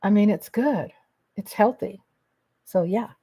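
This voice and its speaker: A woman hosting a casual livestream, reading viewers' comments aloud and chatting in a slow, affectionate way, often calling them baby and darling. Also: medium pitch, husky, lo-fi sound. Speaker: livestream host reading chat.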